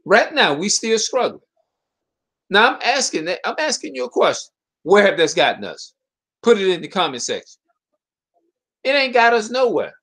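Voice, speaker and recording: A man's voice: high-pitched, big pitch swings, moderate pace, pauses often, fairly bright tone. A man giving an impassioned monologue to his viewers, preaching and hammering the same rhetorical questions while stumbling and restarting mid-sentence. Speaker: video commentator.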